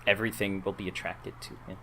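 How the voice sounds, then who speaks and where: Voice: low voice, flat delivery, fast talker, sharp tone, slight background noise. A player in a tabletop game who explains rules in detail and laughs easily. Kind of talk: casual tabletop game play.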